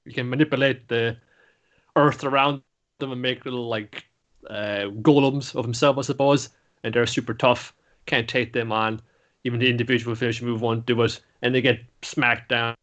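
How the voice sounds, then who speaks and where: A man casually recapping a cartoon episode on a podcast, swearing freely and slipping into quick voices for the characters. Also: mid-range voice, level tone, fairly bright tone. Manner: loose and profane, breaks into laughter, acts out lines mid-story. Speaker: anime podcast co-host.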